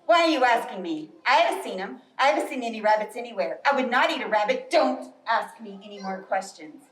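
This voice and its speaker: A woman voicing a curt, defensive bear in a slightly lowered voice, for a children's storybook read-aloud. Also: lively intonation, a little fast, lightly acted. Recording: roomy, distant, faint noise.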